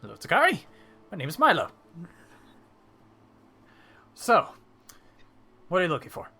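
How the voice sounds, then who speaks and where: A man's voice: sits high, huge pitch swings, unhurried, pushed and bright, breathy edge, pitched above the performer's own voice, full character voice. A man voicing a chatty, curious male merchant tailor in a tabletop game, who rambles and muses aloud. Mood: welcoming.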